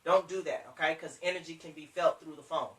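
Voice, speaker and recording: In this motivational sales coaching, a business trainer drives home each point with emphasis and repetition, speaking straight to the audience in a bright, forceful way. The mid-range voice keeps a steady tone at a slightly fast pace, recorded from a distant mic in an echoey room.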